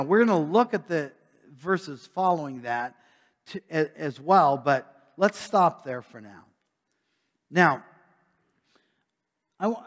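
A man preaching a sermon, reading scripture aloud and then explaining it in a conversational way, pausing and restarting. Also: sits high, fairly bright tone, in a large hall. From Midwestern United States. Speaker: pastor. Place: church sanctuary.

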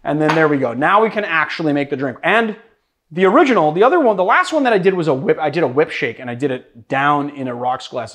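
A man's voice: fairly high pitch, fairly bright tone. Chatty joking man hosting a cocktail tutorial. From Boston, USA. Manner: chatty, joking, self-deprecating. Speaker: cocktail show host.

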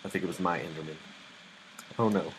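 A man's voice: sits low, steady tone, a little fast, background noise. A young man commentating his own live gameplay, easily startled and muttering nervously to himself. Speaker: gamer playing live.

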